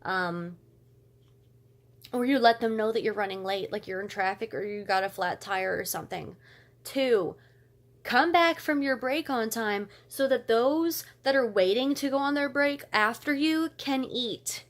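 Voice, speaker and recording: A woman's voice: fairly high pitch, unhurried. A woman vlogger telling a story as a casual rant, fired up and blunt, with cursing.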